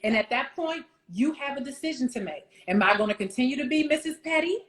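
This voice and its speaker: A woman relationship coach talking in a casual chat, animated and quick to laugh, acting out little quoted scenes. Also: sits high. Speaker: wife coach, guest. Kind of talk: casual chat on a virtual show.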